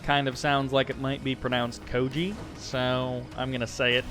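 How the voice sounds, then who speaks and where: Chatty American man, mid-pitched, doing upbeat game commentary over faint background music. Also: little pitch movement, moderate pace, fairly bright tone. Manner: chatty, self-deprecating, upbeat. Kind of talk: casual play-by-play commentary.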